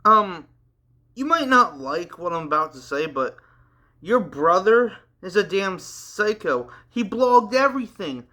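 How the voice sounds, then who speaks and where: A man's voice: high-pitched, expressive, unhurried, sharp tone, voice pushed up, full character voice. A man reading a story aloud and voicing a blunt, commanding seventeen-year-old boy. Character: teen boy, 17, blunt, steady helper.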